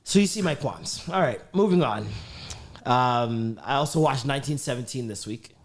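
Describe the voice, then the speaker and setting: A man's voice: mid-range voice, moderate pace. A man co-hosting a casual podcast, swearing freely and acting out scenes as he talks. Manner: animated, swears freely, acts out scenes with laughter. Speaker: podcast co-host. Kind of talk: casual chat.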